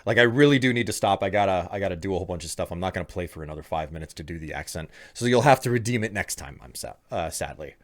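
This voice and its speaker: A man's voice: deep voice, expressive, very fast, hardly any pauses. A man streaming a game live, talking casually and chattily to his viewers, often trailing off and restarting. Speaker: livestreamer. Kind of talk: casual livestream gameplay chat.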